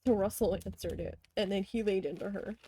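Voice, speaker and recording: A woman's voice: medium pitch, fairly quick, mellow, husky. A woman vlogger chatting casually while she needle felts, telling stories bluntly with a lot of swearing. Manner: blunt, heavily profane storytelling. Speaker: crafting vlogger. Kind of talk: casual storytelling chat while needle felting.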